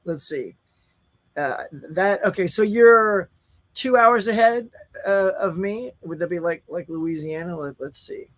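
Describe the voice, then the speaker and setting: A man's voice: sits high, measured pace, fairly bright tone. A middle-aged man from Colorado, hosting a casual live stream and chatting with viewers, often laughing. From Colorado, USA.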